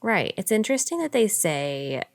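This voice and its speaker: A woman co-hosting a casual gaming podcast, playful and giggly, reading news items in a relaxed way. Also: medium pitch, moderate pace, no echo, clean studio sound. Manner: playful, laughs between remarks, reads news casually. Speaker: podcast co-host. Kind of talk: casual chat.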